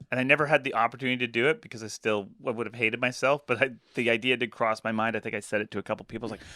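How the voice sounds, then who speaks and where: A man's voice: mid-range voice, fairly even intonation, very fast, hardly any pauses, bright, forceful tone, no room sound, studio quality. A young adult man co-hosting a comedy podcast, telling jokey stories in casual chat. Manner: joking storyteller, acts out quoted voices.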